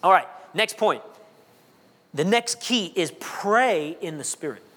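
A man preaching a sermon as pastor, his voice swinging between loud high peaks and low quiet asides. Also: animated, slow. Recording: long reverb of a large hall.

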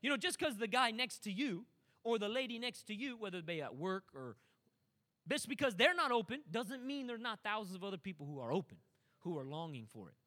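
A man's voice: high-pitched, sing-song, fairly quick, sharp tone. A man preaching a sermon, impassioned and building to emphatic, driving delivery. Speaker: pastor.

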